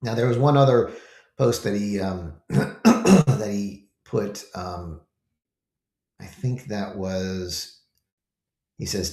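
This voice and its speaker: A man's voice: lowish voice, slow pace, pauses often, darkish tone, roomy sound. A man hosting his own show, giving casual commentary with emphatic rhetorical questions to his viewers. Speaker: host.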